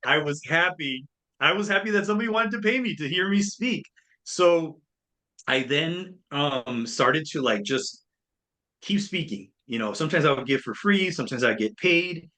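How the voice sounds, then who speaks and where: A man's voice: a little high, moderate pace. A man in his thirties, a speaker and coach, telling his story in an interview and acting out the voices of people he quotes. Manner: animated, acts out quoted voices.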